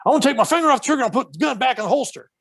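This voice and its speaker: A man's voice: very high-pitched, lively intonation, rapid-fire, gravelly, dry recording, studio quality, pitched above the performer's own voice, heavily acted. A man voicing a panicky, armed male police officer from the South with a Southern accent. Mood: panicked. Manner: shaky, shouting.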